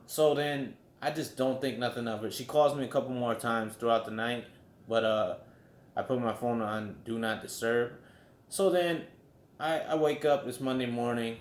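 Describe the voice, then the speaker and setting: A man's voice: medium pitch, echoey room. A man telling a story casually at home, swearing freely and padding his talk with likes and you knows. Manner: loose, profane, filler-heavy. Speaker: vlogger. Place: room at home.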